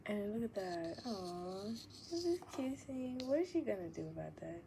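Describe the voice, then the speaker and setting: A woman vlogger chatting casually and meanderingly, leaning on "like" constantly and sometimes dropping into soft whispers. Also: mid-range voice, sing-song, normal speed, low-quality recording. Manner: meandering, heavy use of "like", drifts into soft whispers, laughs often. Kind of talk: casual rambling chat. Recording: clearly audible background noise.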